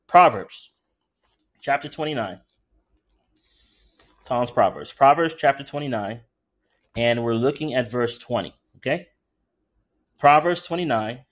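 A man preaching a sermon who talks casually with the congregation and slows way down to read scripture aloud. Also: fairly high pitch. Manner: conversational, animated preaching with frequent asides to the congregation.

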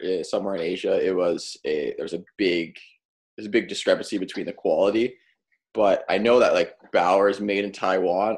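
A man on a casual podcast, giving measured, reasonable opinions. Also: deep voice, a little mellow. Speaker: podcast co-host, former goalie.

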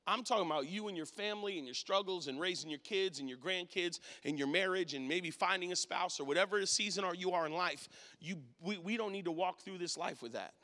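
A man preaching a sermon and telling a personal story, his voice swinging from quiet to loud. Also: high voice, fairly quick, few pauses, big-room sound.

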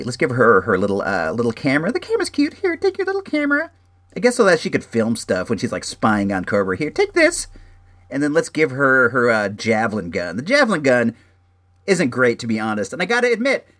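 This man, a toy collector, reviews action figures in a laid-back, chatty talk to camera, packed with "like" and "dude." His voice sits mid-range yet leaps up and drops down whenever he gets excited.

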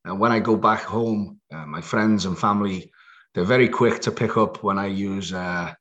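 A man in his late forties from Liverpool with a Scouse accent softened by American speech, telling stories easily in a casual interview. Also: fairly low pitch, normal speed, highs cut off. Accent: Liverpool (Scouse), with some American. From Liverpool, England. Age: late 40s. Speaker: guest, EMS worker.

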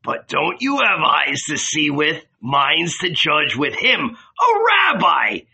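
A man reading an audiobook, voicing an enraged male disciple who shouts bitter, contemptuous accusations. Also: on the high side, lively intonation, slow pace, gravelly, slightly rough, heavily acted. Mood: scornful.

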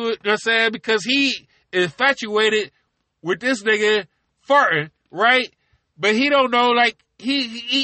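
Animated profane man rambling, bright voice. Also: very high-pitched, no room sound. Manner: profane, animated, repeats "you know what I'm saying". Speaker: podcast host. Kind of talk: casual rambling monologue. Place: in his car.

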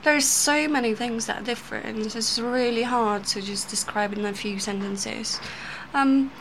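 A woman's voice: on the high side, a little slow. A woman in her twenties from Poland, a guest in a casual interview, easygoing and self-mocking with a few hesitant fillers. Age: 20s. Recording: faint background noise.

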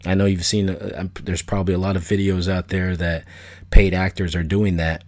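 A man's voice: low-pitched, level tone, brisk, darkish tone. A middle-aged man hosting a solo podcast, talking casually in a blunt, opinionated, rambling way that repeats itself. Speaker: podcast host.

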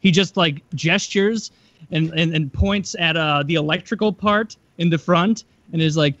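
Wry high-voiced male podcaster. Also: moderate pace, fairly bright tone, dry recording, muffled recording. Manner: wry, storytelling, laughs often. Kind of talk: casual podcast chat.

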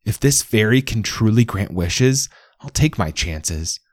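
A man's voice: on the low side, lively intonation, measured pace, no echo, studio quality. A man voicing a timid, eager young male basil plant in a storybook reading, pleading and apologetic. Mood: defiant.

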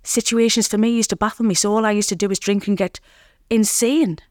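A woman guest in an interview, telling her recovery story in an earnest, reflective way with pauses. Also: mid-range voice, steady tone, darkish tone, no room sound, studio quality. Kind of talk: candid interview talk.

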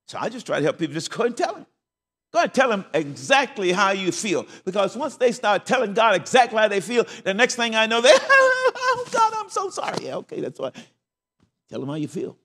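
A man's voice: sits high, a bit bright, big-room sound. An older man preaching a sermon as pastor, telling stories. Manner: folksy storytelling with laughs.

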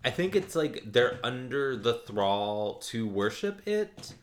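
A man co-hosting a podcast, chatting casually about a TV episode, jokey and quick to laugh. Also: medium pitch. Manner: laughs often, jokey and animated. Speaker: podcast co-host. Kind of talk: casual chat recapping a TV episode.

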